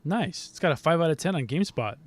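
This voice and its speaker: A man co-hosting a casual gaming podcast, joking and laughing often in quick banter. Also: fairly high pitch, lively intonation. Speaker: podcast co-host.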